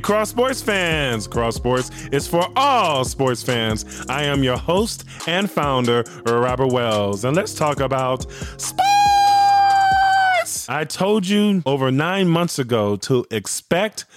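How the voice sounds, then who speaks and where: A man hosting his own sports podcast, talking excitedly in a gushing monologue that keeps circling back to the same cheer. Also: mid-range voice, slow, music in the background. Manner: excitable, gushing, repeats himself. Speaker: podcast host and founder.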